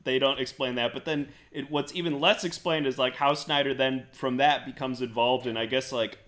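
A man's voice: medium pitch, fairly even intonation, moderate pace, fairly bright tone. A man co-hosting a podcast, talking in a rambling, sarcastic way full of "like" fillers and swearing. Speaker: podcast co-host. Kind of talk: casual chat.

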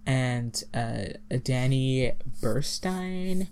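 A woman's voice: very deep voice, drawn-out words, clear, resonant tone. A woman casually retelling a movie plot, giggling often and filling with "like" and "um". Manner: giggly, animated storytelling with many fillers. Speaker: podcast co-host recapping a movie. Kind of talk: casual chat.

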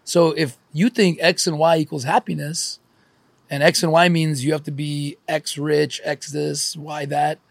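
A man's voice: on the high side, little pitch movement, unhurried, vocal fry, no echo. A man hosting a casual talk, reflective and reassuring, musing on life and expectations. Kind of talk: casual conversation.

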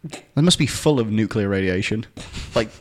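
English man, podcast co-host, jokey banter, lively swooping pitch. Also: moderate pace. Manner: joking, laughs often, stumbles and restarts. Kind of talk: casual banter.

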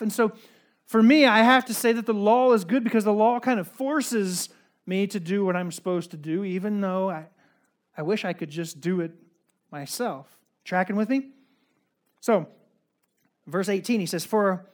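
Male pastor, high voice, casual sermon with chatty asides, loud-to-quiet swings.

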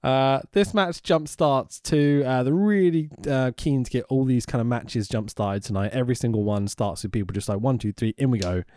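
A man casually co-hosting a podcast, excitable and sweary, laughing often as he recaps. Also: mid-range voice, moderate pace, hardly any pauses, clear, resonant tone, dry recording, clean studio sound. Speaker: podcast co-host recapping wrestling. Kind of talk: casual chat.

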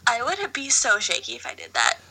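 A woman's voice: on the high side, huge pitch swings, fairly quick, sharp tone, husky. A young woman, a guest on a podcast, chatting casually and making dry, teasing remarks. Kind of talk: casual chat.

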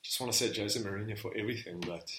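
A man's voice: on the low side, fast talker, a bit bright. A man co-hosting a casual football podcast, joking and laughing often as he guesses at quotes. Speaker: podcast co-host. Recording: roomy echo.

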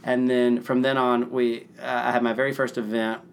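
A man in his thirties from the Nashville area, an event planner telling his story in a casual interview, rambling and excitable with laughs slipping into his talk. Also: medium pitch, moderate pace, clean tone.

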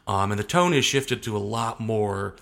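A man's voice: fairly low pitch, expressive, normal speed, gravelly, fairly bright tone. A young adult man talking casually as an interview guest, rambling and hesitant, often restarting his sentences.

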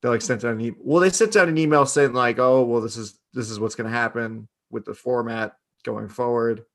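A man with a gravelly, creaky voice co-hosts a casual podcast. He talks in a laid-back way, tossing in dry asides. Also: mid-range voice, fairly quick. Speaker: podcast co-host.

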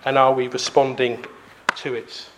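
A man, preaching a sermon emphatically with pauses for effect. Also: medium pitch, completely flat delivery, noisy background.

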